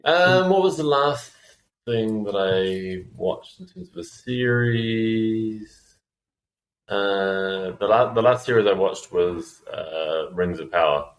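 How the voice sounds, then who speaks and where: Low-voiced hesitant male guest. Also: lively intonation, slow. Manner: hesitant, repeats words, many fillers. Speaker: guest, company founder. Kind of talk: casual chat.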